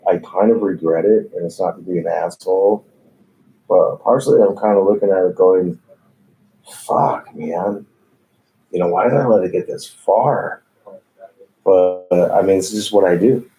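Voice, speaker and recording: A man's voice: low-pitched, fairly even intonation, normal speed, dark tone, a little hiss or hum, poor audio. A man, a tattoo artist, telling stories in a laid-back way, swearing freely and laughing often. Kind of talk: casual storytelling. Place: tattoo shop.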